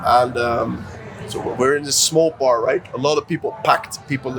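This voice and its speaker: A man's voice: medium pitch, normal speed, gravelly, a crowd in the background. A man co-hosting a casual chat, telling a story with many fillers and acting out what people said. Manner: animated storyteller, acts out quotes, many fillers. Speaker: dating coach, co-host.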